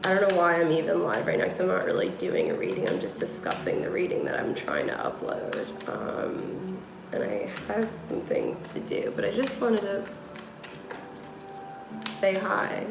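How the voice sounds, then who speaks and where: A woman's voice: lowish voice, wildly swooping pitch, normal speed, gravelly, echoey room, over music, low-quality recording. A woman with a New York accent, livestreaming from her room as a tarot reader, rambling to her viewers with many fillers. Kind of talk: casual livestream chat. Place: room at home.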